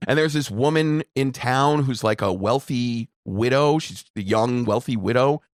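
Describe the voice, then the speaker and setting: Middle-aged male co-host, casual rambling movie chat, mid pitch, dry close mic. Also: unhurried, dry recording. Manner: rambling, restarts, laughs often. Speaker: podcast co-host.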